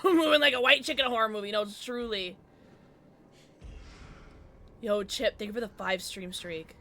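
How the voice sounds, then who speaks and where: A woman's voice: fairly high pitch, normal speed, pushed and bright. A young adult woman live-streaming a horror game, chatting with viewers and shrieking at jump scares. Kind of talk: live gameplay commentary.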